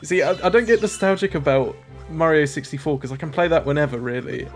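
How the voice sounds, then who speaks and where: A young man in his twenties, a gaming host, joking and reacting excitably while he plays. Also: on the high side, fast, faint music behind. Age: 20s. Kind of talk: let's-play commentary.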